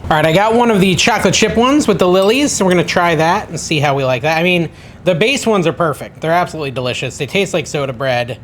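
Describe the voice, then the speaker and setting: A man's voice: a little high, quick pace, a bit bright, slight background noise. A man hosting a casual home cooking vlog, chatting and thinking aloud in his kitchen with a self-deprecating manner. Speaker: cooking channel host.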